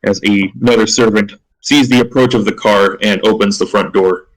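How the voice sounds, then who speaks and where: Low-voiced man narrating a tabletop game. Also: steady tone, poor audio. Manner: halting, many restarts and fillers. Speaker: game master.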